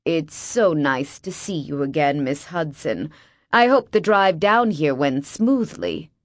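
A woman voicing a kindly, soft-spoken aging male millionaire. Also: low-pitched, expressive, measured pace, dry recording, clean studio sound.

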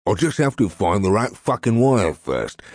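A man's voice: on the low side, very animated, moderate pace, darkish tone, no echo, studio quality, voice pushed up. A man voicing a short-tempered mechanic crook in an audiobook, snappish and swearing. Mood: irritated. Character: gruff irritable male mechanic crook. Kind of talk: audiobook character voice.

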